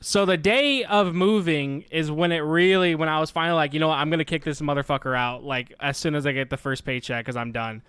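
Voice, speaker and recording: A young man telling a long story in casual, exasperated rant style, quoting himself and his roommate in quick back-and-forth. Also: fairly high pitch, a bit bright, smooth, dry recording.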